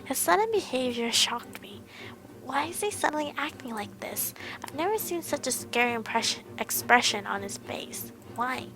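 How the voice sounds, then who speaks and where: A woman reading first-person visual novel narration aloud in a soft, near-whispered way. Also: high voice, expressive, normal speed, vocal fry. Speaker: let's play streamer.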